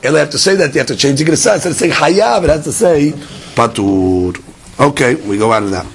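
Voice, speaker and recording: Man giving a talmud class, kinda high voice, jumps around in pitch, keeps repeating words, little background hiss. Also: fast talker, creaky. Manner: animated explaining, mixing Hebrew-Aramaic terms into English, repeats words. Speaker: Talmud teacher.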